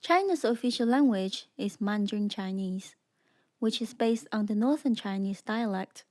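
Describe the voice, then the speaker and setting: A woman narrating a scripted beginner language lesson, speaking slowly and clearly and demonstrating sounds for the listener to repeat. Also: mid-range voice, darkish tone. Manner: slow, clear, demonstrating tones. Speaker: language teacher.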